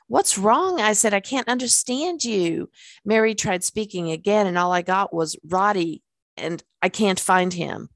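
A woman's voice: medium pitch, vocal fry, no echo. A woman, a life coach, reading her own memoir aloud in an earnest way, with small laughs and fillers in the asides.

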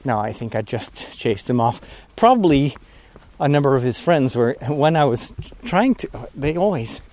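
A priest podcaster recording a casual vlog outdoors while walking, a bit out of breath, talking in a rambling, easily distracted way. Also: male voice, medium pitch, sing-song, moderate pace, darkish tone. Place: outdoors on a walk at sunset.

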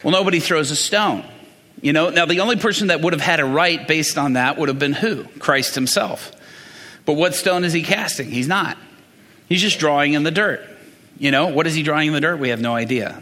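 A man's voice: a little high, brisk, pushed and bright, big-room sound. A man preaching a conversational sermon, quizzing the congregation as he works through Bible passages.

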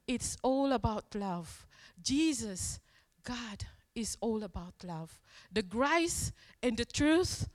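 A woman's voice: a little high, long reverb tail. A woman preaching a sermon in a conversational storytelling way, acting out the quoted lines as she tells the story.

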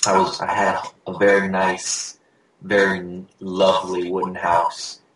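Deep-voiced young man in an echoey room. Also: monotone, a little slow, fairly bright tone. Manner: rambling, many ums and restarts. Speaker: podcast co-host. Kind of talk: casual gaming chat. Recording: very echoey room, faint hiss.

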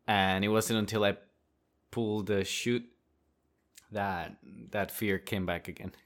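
Animated man telling a story on a podcast. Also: lowish voice, measured pace. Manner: animated, laughs often while telling. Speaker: podcast host. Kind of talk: casual personal storytelling.

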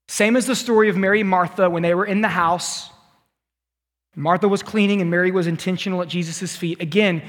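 A man's voice: high-pitched, a bit bright. A man preaching a sermon as a youth pastor, retelling scripture in a conversational way with asides to his listeners. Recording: long reverb of a large hall.

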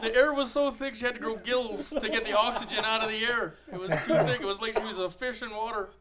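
A man's voice: high-pitched, steady tone, quick pace, a loud crowd. A man joking through crude casual banter, making wisecracks and laughing often. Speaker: podcast co-host.

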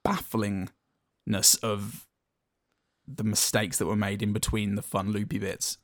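A man's voice: lowish voice, level tone, takes it slowly, no echo. Dry, rambling male podcast co-host. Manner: rambling, dry, self-amused. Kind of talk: casual movie-review chat.

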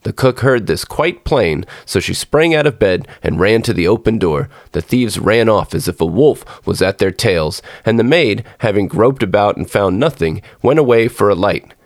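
Male storyteller for a fairy-tale reading; low, measured, expressive delivery, dry close mic. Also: no room sound. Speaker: podcast storyteller. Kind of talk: scripted storybook narration.

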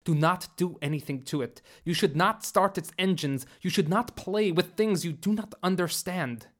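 A man voicing a soft-spoken stoic alien. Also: fairly high pitch, animated, natural voice. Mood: urgent. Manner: soft-spoken, formal, measured. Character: calm male alien captive, polite and stoic.

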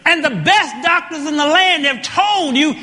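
Male preacher, very high and bright voice, slow emphatic delivery that rises to shouts, long hall reverb. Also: expressive. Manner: emphatic, rising to shouted points with repeated words. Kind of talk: sermon with scripture reading.

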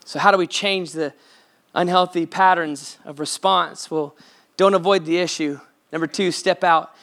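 A man's voice: fairly high pitch, steady tone, normal speed, fairly bright tone. A man preaching a sermon as pastor at a church service, impassioned and quoting scripture as he lays out numbered steps.

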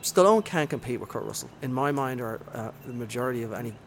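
A man's voice: mid-range voice, animated, fast, gravelly, a little hiss or hum. A man co-hosting a casual movie chat, enthusiastic and rambling, with many ums and uhs. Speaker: podcast co-host.

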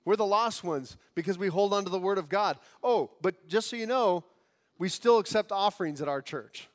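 A male pastor preaching a sermon in an earnest, conversational way, with quick asides and restarts, in a church sanctuary. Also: high-pitched, big-room sound.

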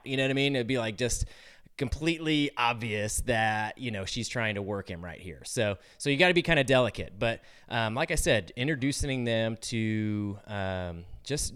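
Guy coach chatting to parents, low voice, smooth and clear, laid back, lots of "you know, right?". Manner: relaxed and conversational, full of "you know" and "right?". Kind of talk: casual advice talk.

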